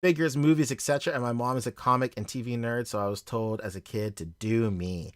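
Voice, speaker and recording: A man's voice: medium pitch, fairly even intonation, fairly quick, no room sound, clean studio sound. A man in his thirties from the Philippines, with a Southern US accent, hosting a casual livestream and chatting in a rambling way, laughing often and swearing freely. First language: Tagalog. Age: 30s. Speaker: livestream host.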